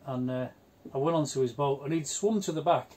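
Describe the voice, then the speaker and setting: A man, telling blunt, chatty stories in a relaxed conversation. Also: medium pitch, a little fast. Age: 60s. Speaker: houseboat vlogger. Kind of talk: casual chat.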